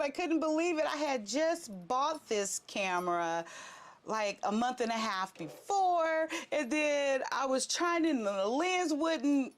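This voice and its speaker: A middle-aged woman hosting a vlog and telling a story casually, acting out her own prayers and laughing as she goes. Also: high voice. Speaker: vlog host.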